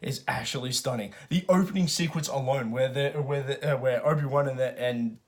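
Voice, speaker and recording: A man's voice: mid-range voice, fairly quick. A man giving a casual spoken film review, rambling with many restarts and fillers, and swearing freely. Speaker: movie reviewer.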